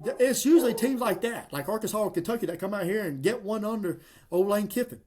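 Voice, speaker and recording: A man ranting as a fan about football rankings, exasperated and animated. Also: high voice, quick pace, slight background noise. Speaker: sports commentator. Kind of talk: fan reaction commentary.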